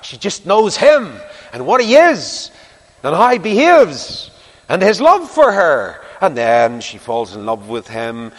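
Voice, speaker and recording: Male preacher, mid-pitched, very expressive, storytelling sermon; long hall reverb on the voice. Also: a little slow. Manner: animated storytelling, rising to emphatic declarations. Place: large church or hall before a congregation.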